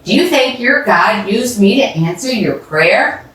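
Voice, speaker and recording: A kind, gentle neighbor woman in a children's story, performed by a woman reading aloud. She sounds warm and encouraging, a little higher than a plain speaking voice and very lively. The room echoes and she sits back from the mic. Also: measured pace. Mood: thoughtful. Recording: roomy echo from a distance.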